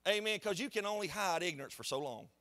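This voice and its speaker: Pastor, high male voice, lively storytelling sermon delivery. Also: fast. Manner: animated, conversational preaching with storytelling. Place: church sanctuary.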